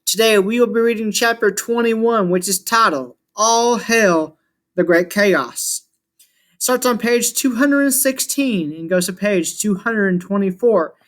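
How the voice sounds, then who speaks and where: A man reading a novel aloud for his channel, introducing the chapter before starting. His delivery is plain and steady, narration in an ordinary voice. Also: sits high, unhurried. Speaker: audiobook reader.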